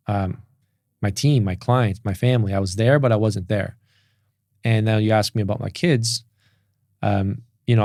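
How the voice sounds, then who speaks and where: Man, podcast guest, low gravelly voice, candid and emotional, lots of restarts, dry recording. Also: darkish tone, no echo. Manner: emotional, open, many restarts and "like". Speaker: podcast guest, business coach. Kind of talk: candid conversational storytelling.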